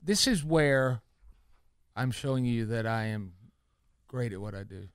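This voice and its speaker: A man's voice: mid-range voice, measured pace, clean tone, no echo. A man hosting a morning radio show, chatting loosely and laughing often on a studio mic. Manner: rambling, animated, laughs often. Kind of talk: casual radio banter.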